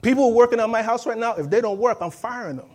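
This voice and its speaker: High-voiced preacher man, emphatic. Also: quick pace. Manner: emphatic call-and-response preaching, acts out quoted voices. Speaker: pastor. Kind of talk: sermon.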